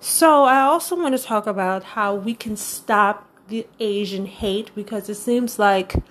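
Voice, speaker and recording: A woman's voice: mid-range voice, measured pace, fairly bright tone, slight background noise. A woman hosting her own weekly show, ranting and chatting in a casual, opinionated, rambling way. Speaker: podcast host. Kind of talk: casual commentary rant.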